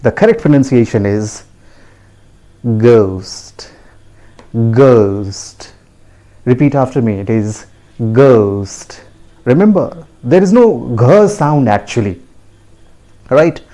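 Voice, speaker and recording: A man teaching pronunciation, slowly repeating each word and asking learners to repeat after him. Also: mid-range voice, expressive, dark tone. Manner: slow, deliberate, repeats words and asks learners to repeat; frequent rising tag questions to the audience. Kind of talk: classroom lesson to camera.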